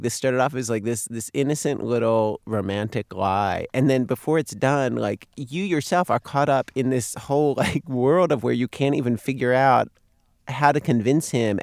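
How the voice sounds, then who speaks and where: A man's voice: mid-range voice, creaky, darkish tone, dry recording, studio quality. A man hosting a conversation, retelling parts of a guest's story and reacting to it, thinking aloud. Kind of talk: conversational interview.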